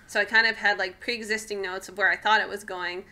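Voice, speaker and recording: A woman's voice: medium pitch, steady tone, a little fast, sharp tone. A young woman from Canada co-hosting a podcast, chatting casually, laughing often and trailing off mid-sentence. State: hiccuping. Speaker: podcast co-host. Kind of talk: casual chat.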